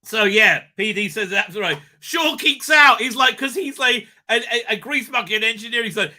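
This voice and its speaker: A man hosting a live stream, rambling excitedly with lots of fillers and tag questions. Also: high voice, normal speed, few pauses. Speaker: show host. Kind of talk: live-stream fan commentary.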